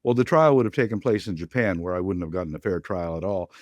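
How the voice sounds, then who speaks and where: A man's voice: sits low, animated, quick pace, a little mellow, no room sound, lo-fi sound. An older man answering interview questions as a guest, firm and plain-spoken. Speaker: guest, ocean activist.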